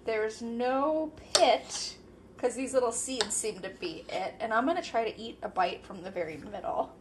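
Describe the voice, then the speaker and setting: Background noise sits behind this fairly high-pitched woman, who talks at a moderate pace. As host of an easygoing solo podcast, she munches while thinking out loud, leaning heavily on fillers and occasionally speaking mid-bite.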